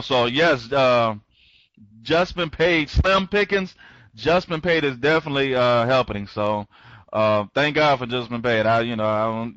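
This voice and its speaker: Excitable rambling man on dull audio. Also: on the high side, dry recording. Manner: speeds up when excited; rambling, with many restarts, greeting listeners by name. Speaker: online program trainer. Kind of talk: live online training talk.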